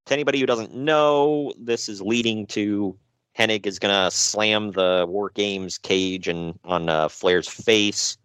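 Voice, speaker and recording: A man's voice: lowish voice, unhurried, smooth, no echo, rough recording. A man co-hosting a podcast, recapping and joking in loose casual chat. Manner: animated, jokey, loose. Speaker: podcast co-host.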